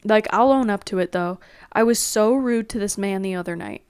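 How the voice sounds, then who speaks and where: A woman's voice: mid-range voice, normal speed, darkish tone, clear, resonant tone, dry recording, studio quality. A young woman rambling in a casual, self-deprecating solo chat at home. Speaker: podcast host.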